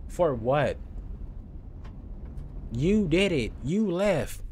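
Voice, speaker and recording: A man giving casual gameplay commentary into a desk microphone, reacting with animated jokes and slang. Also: medium pitch, normal speed, a little hiss or hum. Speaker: gaming streamer.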